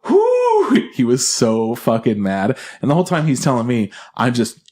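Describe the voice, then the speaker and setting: A man's voice: mid-range voice, normal speed, a little hiss or hum. A young man co-hosting a podcast, telling a story in casual chat, swearing a lot and acting out the people he quotes. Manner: animated, swearing, acts out quoted voices. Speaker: podcast co-host.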